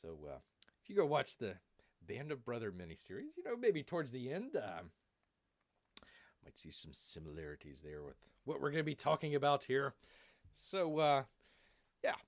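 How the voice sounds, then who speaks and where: A man's voice: mid-range voice, huge pitch swings, moderate pace, long pauses, no echo. A man hosting a live stream who rambles through jokey asides and calls himself Bear in the third person. His voice is wearing out.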